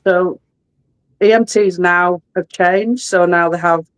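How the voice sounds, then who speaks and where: A woman's voice: lowish voice, fairly even intonation, takes it slowly, smooth, no room sound, rough recording. A middle-aged woman with a Yorkshire English accent, chattily explaining her ambulance work as an interview guest. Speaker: ambulance service worker, guest. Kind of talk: casual interview chat.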